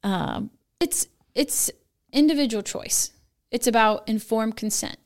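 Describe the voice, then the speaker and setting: A woman's voice: a little high, unhurried. A woman guest in a podcast interview, talking earnestly and emphatically about policy. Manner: earnest, emphatic, rising to stress points. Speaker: nurse guest, advocacy founder.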